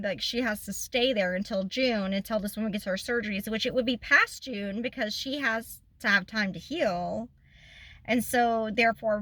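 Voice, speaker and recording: A woman's voice: fairly high pitch, pushed and bright, no echo. A young woman vlogger venting in a casual storytime chat, upset and close to tears.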